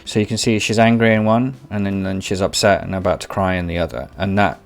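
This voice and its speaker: A man with a fairly low voice talks through an AI video tool like a tutorial host. He rambles, circles back and repeats himself as he hunts for words. The delivery stays casual and unscripted. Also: steady tone, fast, vocal fry, faint music behind. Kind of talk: tutorial commentary.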